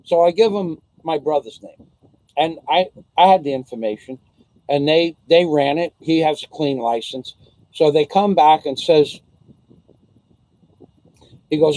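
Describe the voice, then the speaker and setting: A man's voice: a little high, a little slow, pauses often, dark tone, no echo, low-quality recording. A man telling a rambling personal story in casual vlog style, swearing, restarting sentences and acting out the dialogue. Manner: rambling, profane, stumbling restarts, acts out dialogue. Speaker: vlogger.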